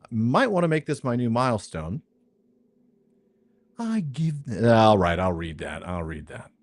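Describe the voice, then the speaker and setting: A man's voice: on the low side, animated, moderate pace, no echo. A man hosting a game stream, chatting casually and thinking aloud as he plays. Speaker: streamer and podcast host. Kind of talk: casual gameplay commentary.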